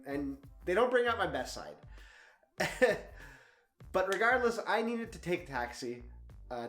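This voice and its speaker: A young man in his twenties telling a travel story in a vlog, animated and laughing often as he talks. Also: a little high, reverberant. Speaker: travel vlogger.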